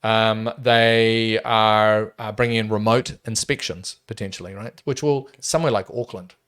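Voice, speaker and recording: A man's voice: fairly low pitch, normal speed, clean tone. Emphatic man. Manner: emphatic, animated, frequent restarts. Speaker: property developer guest. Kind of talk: casual podcast interview.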